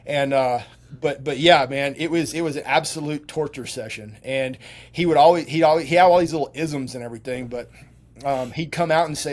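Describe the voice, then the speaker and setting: Middle-aged man, interview guest, raised voice, animated, rambling, lots of fillers. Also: fairly high pitch, a little fast. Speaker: guest, military veteran. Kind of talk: casual storytelling interview.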